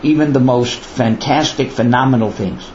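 A man's voice: medium pitch, normal speed, a little mellow, slight background noise. A man teaching a Torah lecture in a conversational way, often asking rhetorical questions. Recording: roomy, dull lo-fi with faint ambience.

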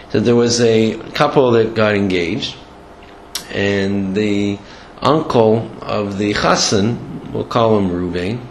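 A man giving a storytelling Torah lecture in a halting way, with many restarts and Hebrew and Yiddish terms. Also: lowish voice, gravelly. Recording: echoey room, faint background noise.

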